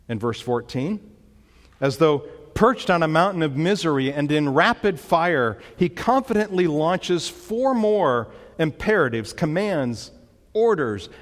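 A man's voice: a little high, big-room sound. A man preaching a sermon, emphatic, with dramatic rises when he quotes commands. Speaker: pastor.

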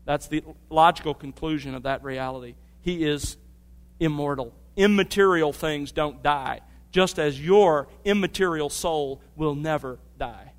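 A man's voice: a little high, unhurried. A middle-aged man preaching a sermon, teaching earnestly and telling family stories. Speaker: pastor. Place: church sanctuary. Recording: long reverb of a church hall.

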